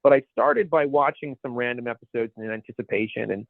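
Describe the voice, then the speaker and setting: A man's voice: medium pitch, very animated, brisk, gravelly, dry recording. A man co-hosting a podcast in casual chat, rambling and searching for words as he goes. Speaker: podcast co-host. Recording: dry, phone-like narrow sound.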